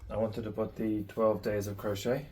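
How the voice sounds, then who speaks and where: A man chatting casually off to the side of a crochet video, soft-spoken with dry jokes. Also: on the low side, little pitch movement, normal speed. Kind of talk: casual chat.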